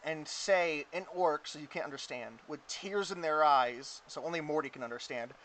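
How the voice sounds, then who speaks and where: A man's voice: fairly high pitch, moderate pace, hardly any pauses, a bit bright. A man narrating a tabletop game as game master, rambling casually with lots of "like.". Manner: rambling, full of "like" fillers.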